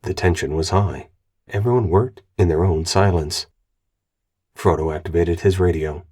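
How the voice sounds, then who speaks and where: A man reading an audiobook aloud in an even, measured narration. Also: deep voice, breathy edge. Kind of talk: scripted narration.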